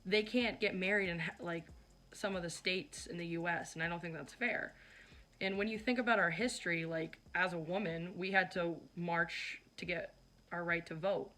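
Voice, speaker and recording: A woman's voice: lowish voice, fairly even intonation, moderate pace, pushed and bright. Chatty young woman vlogging. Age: young adult. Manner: chatty, filler-heavy, teasing. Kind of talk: casual vlog narration.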